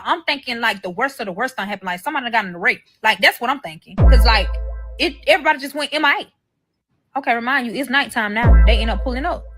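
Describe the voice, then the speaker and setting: Young woman, fairly high voice, telling a story-time rant and voicing the others in it. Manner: animated, profane, acts out the other people's lines. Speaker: storyteller in a played clip.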